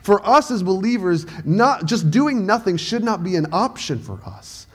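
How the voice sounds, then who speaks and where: Southern guy pastor preaching, earnest, kinda higher voice, gets loud and punchy. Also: very animated, normal speed, husky. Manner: earnest preaching, rising to raised emphatic passages. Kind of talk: sermon.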